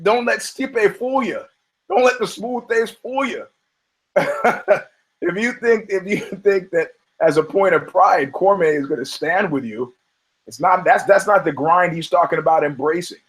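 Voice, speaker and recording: Male podcast host, slightly high, chatty and profane, laughs constantly. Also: a bit bright, poor audio. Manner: rambling, profane, laughs often between phrases. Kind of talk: casual podcast banter about fighting.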